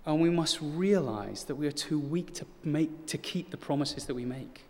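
Male preacher, 30s, fairly high voice, earnest with a wry streak; long echo of a church. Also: moderate pace. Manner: earnest, rises to urgent emphasis, with light self-deprecating humor. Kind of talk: sermon. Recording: long hall reverb.

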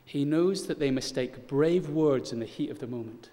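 A man's voice: mid-range voice, normal speed, dark tone. A man in his thirties preaching a sermon, earnest and building to urgent emphasis, with touches of self-deprecating humor. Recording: long hall reverb.

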